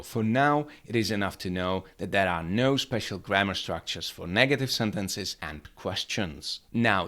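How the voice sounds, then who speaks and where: A man teaching a grammar lesson, explaining upbeat and clearly, step by step. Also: fairly low pitch, a bit bright. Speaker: language teacher.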